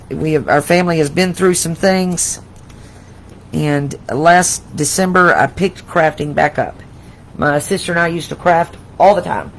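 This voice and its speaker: Hoarse lady doing a live craft demo, gravelly and gushy, keeps restarting her sentences. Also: on the low side, poor audio. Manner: effusive and emotional, with many restarts. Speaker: host of a live crafting session. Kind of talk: casual live craft tutorial.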